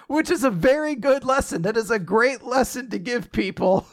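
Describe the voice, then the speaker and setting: A man co-hosting a casual podcast, retelling an animated episode and laughing often. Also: extremely high pitch, a little slow. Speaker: podcast co-host recapping an anime episode. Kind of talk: casual chat.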